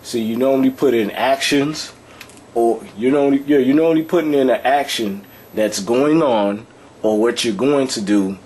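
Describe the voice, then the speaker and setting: A man's voice: mid-range voice, moderate pace, a little mellow, slightly rough. A man teaching an informal lesson, talking loosely and repeating himself while often checking that the listener follows. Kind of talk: casual explanatory lesson.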